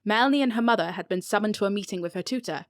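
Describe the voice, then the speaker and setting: A woman's voice: mid-range voice, very fast. A British woman reading her own novel aloud, often breaking into giggles and swearing at her slips. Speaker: author narrating her own audiobook. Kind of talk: audiobook reading with bloopers. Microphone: home recording mic.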